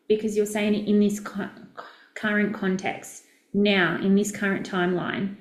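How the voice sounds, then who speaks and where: A woman's voice: mid-range voice, level tone, normal speed. Upbeat aussie lady coaching live, direct and chatty, bit of room echo. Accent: Australian. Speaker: business coach. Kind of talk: casual live-stream teaching.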